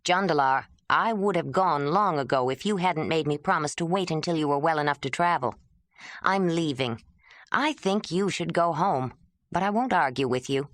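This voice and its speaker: A woman's voice: sits low, moderate pace, no room sound, natural voice. A woman voicing a grieving young wanderer, speaking with raw, defiant emotion in an audiobook. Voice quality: pleading, emotional. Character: proud young man, grieving, restless wanderer.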